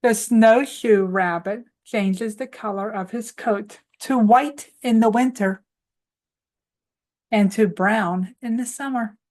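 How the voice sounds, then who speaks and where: A woman's voice: a little high, slow, a little mellow. A woman hosting a children's morning lesson, coaxing little ones through clap-along chants and answering her own questions for them. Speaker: preschool teacher host.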